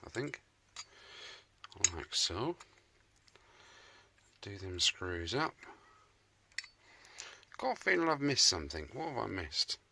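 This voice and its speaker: A man's voice: fairly low pitch, sing-song, slow, creaky, long pauses, bright, forceful tone, a little hiss or hum. A man with a chatty, jokey, self-mocking manner, talking casually to camera as he works in his home shed restoring a scooter. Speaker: motorbike restoration vlogger.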